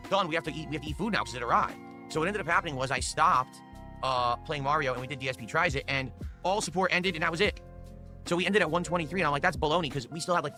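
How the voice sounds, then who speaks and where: A man's voice: on the high side, pushed and bright. A man streaming live, talking straight to his chat and pleading over and over for support and tips. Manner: pleading, repetitive asking for support. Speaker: streamer in a played clip.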